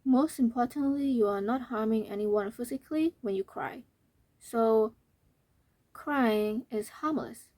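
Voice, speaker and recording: A young woman vlogger talking to camera, earnest and emphatic, repeating her points, her voice slightly hoarse and fading. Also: on the high side, a little slow, mellow, dry recording. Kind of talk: talking to camera, reading out comments.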